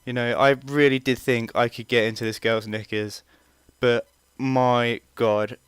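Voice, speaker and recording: A man's voice: medium pitch, little pitch movement, measured pace, fairly bright tone, clean tone, no room sound. A young man telling a rambling, casual story full of fillers and swearing. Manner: rambling, chatty, swears freely, many fillers. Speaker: vlogger.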